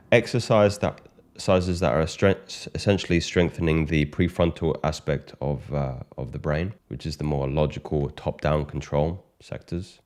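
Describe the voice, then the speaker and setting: A man hosting a self-improvement channel, talking in a measured, reflective way with some halting restarts. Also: very deep voice, a little mellow. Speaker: channel host.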